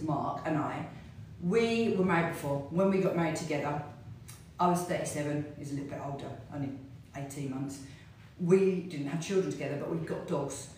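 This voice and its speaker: In her home studio, a middle-aged fitness instructor rambles casually while hula hooping. She has a deep, slightly mellow voice that sounds far away in a very echoey room.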